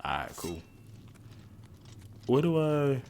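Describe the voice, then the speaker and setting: A young man casually commenting while he streams a video game, talking to his chat in animated slang from home. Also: mid-range voice, slow pace, a little hiss or hum. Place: indoors at home. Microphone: headphones on, streaming setup.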